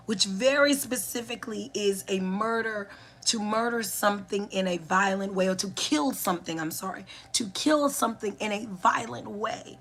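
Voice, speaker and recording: A woman teaching as a spiritual educator and healer, speaking deliberately and repeating key phrases for emphasis. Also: medium pitch, a bit bright. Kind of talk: reflective spiritual teaching monologue.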